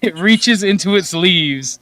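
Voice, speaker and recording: Casting note: man with a fairly high, bright voice, animated and laughing, dry close sound. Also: slow pace, no echo. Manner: laughing, animated anecdote-telling. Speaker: panel guest. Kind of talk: casual chat.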